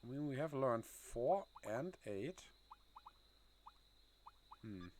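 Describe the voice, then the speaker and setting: A man's voice: medium pitch, expressive, very slow, darkish tone, a little hiss or hum. A man chatting casually on a game livestream, laughing often and reading chat aloud. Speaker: game streamer.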